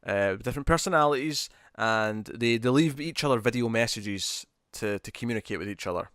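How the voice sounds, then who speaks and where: A man's voice: mid-range voice, lively intonation, brisk, a bit bright, no echo, studio quality. A man co-hosting a podcast, chatting casually and rambling about movie trailers with lots of restarts. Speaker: podcast co-host.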